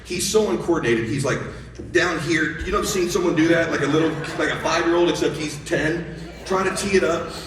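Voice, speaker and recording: A middle-aged man tells a story from a stage in an animated, excitable way, sprinkled with casual swearing. His voice sits a touch high for a man. The sound comes from well back in a big, booming hall. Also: a little fast, a crowd in the background. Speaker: motivational speaker. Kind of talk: energetic storytelling speech. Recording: echoey hall, voice from far off.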